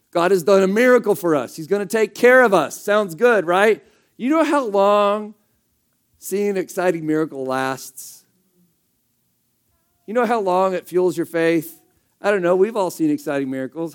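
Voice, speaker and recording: A man preaching a sermon in a conversational way, asking the congregation rhetorical questions as he reads from scripture. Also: high-pitched. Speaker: pastor.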